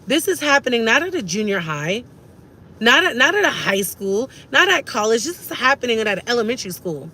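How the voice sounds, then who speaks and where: A woman's voice: fairly high pitch, very animated, fairly quick, sharp tone. A woman, ranting emphatically to camera as a vlogger and repeating herself for stress.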